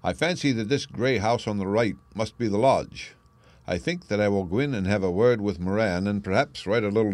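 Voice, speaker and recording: A man voicing a confident male detective in an audiobook, crisp and brisk, pitching his voice up and speaking louder for the role. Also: dry recording, natural voice. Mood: assured. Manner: brisk, crisp, declaiming deductions. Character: sharp, confident male detective, lively and assured. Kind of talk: audiobook character reading.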